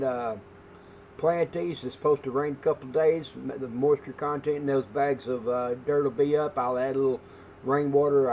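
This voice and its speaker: A man chatting casually on his vlog about stocking his home food shelf, talking in a rambling, folksy way with lots of pauses. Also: medium pitch, darkish tone, a little hiss or hum. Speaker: vlogger, home food prepper. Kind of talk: casual chat.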